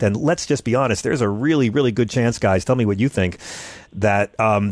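A man hosting a political call-in talk show, rattling off points in a brisk, emphatic way. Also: medium pitch, darkish tone, no echo. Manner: brisk, emphatic, lists facts rapidly. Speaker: radio talk show host.

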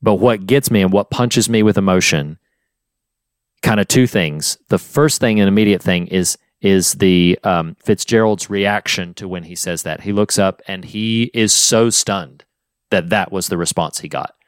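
A man with a deep, smooth voice talks about a film in an earnest, heartfelt way. He retells scenes at length in a relaxed podcast chat, recorded close and dry. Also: measured pace, dry recording. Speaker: podcast co-host. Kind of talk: casual film discussion.

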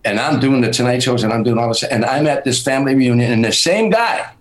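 A man's voice: medium pitch, quick pace, low-quality recording. An older man from the Chicago south suburbs, a stand-up comedian calling in as a guest, telling stories and acting out other people's lines. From Chicago south suburbs, USA. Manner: animated storyteller who acts out others' lines. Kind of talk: casual storytelling chat.

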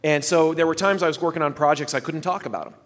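A man's voice: fairly high pitch, fast. A man who is a scientist, a guest on a podcast, talking thoughtfully and rambling with many restarts. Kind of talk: casual podcast conversation.

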